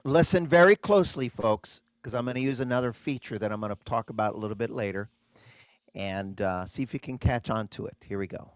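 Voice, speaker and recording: A man presenting and demonstrating an organ in a live online show, talking excitedly and chatting with his viewers. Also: medium pitch, fairly quick. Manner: excitable, chatty, addresses audience as folks. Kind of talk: enthusiastic live-streamed product demo.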